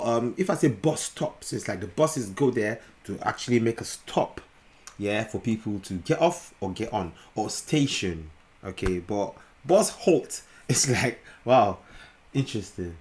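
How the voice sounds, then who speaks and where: A man's voice: fairly low pitch, expressive, measured pace, darkish tone. A young Nigerian man with a Nigerian accent, chatting playfully as he reacts to a video. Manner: playful, chatty, laughs often. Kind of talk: casual reaction commentary.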